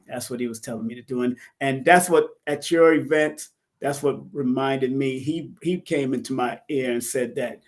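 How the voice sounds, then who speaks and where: A man's voice: mid-range voice, brisk. A man hosting an online talk show, chatting animatedly and often repeating words, his voice a bit worn. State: losing his voice. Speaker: host. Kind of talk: casual interview chat.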